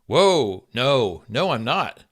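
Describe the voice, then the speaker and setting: A man's voice: mid-range voice, big pitch swings, slow, husky, full character voice. A man voicing an exasperated husband in a story he reads aloud, defensive and flustered.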